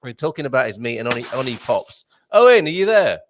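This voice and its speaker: A man's voice: mid-range voice, fast, noisy background. English guy hosting a live show, jokey, voice bounces all over, laughs a lot. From England. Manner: jokey, animated, laughs often. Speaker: host.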